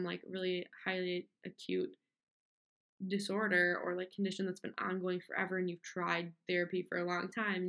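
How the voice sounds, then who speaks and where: A woman's voice: mid-range voice, bright, forceful tone. A young woman talking candidly on her own, rambling through her points with lots of fillers and restarts. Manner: candid, rambling, with frequent fillers and self-interruptions; mocks complainers with whiny put-on voices. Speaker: podcast host. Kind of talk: casual solo monologue.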